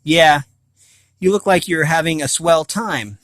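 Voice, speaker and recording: A man's voice: fairly high pitch, unhurried, fairly bright tone, dry recording. A man voicing a cool, teasing teenage rebel boy at a dance. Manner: teasing and laid-back.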